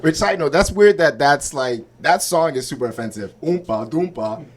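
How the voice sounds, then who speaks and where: A man's voice: fairly high pitch, lively intonation, moderate pace. A man doing a stand-up set at an open mic in a small comedy club, talking conversationally and often checking in with the crowd. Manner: conversational, asks crowd for agreement.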